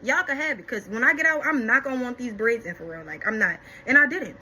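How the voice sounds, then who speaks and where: A young woman vlogger with a bright, forceful voice sitting a little high, telling her story in a loose, animated way. She keeps turning to her viewers with casual chatter, warm and talkative. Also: fast talker, a little hiss or hum, low-quality recording. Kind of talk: casual story-time chat.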